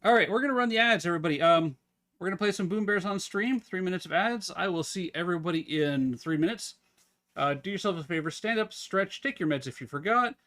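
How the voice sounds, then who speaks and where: A man's voice: high voice, quick pace. Casual male streamer chatting. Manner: relaxed, rambling, chatty. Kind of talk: casual chat with live stream viewers.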